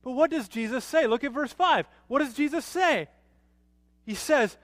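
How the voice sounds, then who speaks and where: A man preaching a sermon as a pastor, animated, rising to emphatic peaks and dropping low to quote. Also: moderate pace, no echo, clean studio sound, long reverb tail.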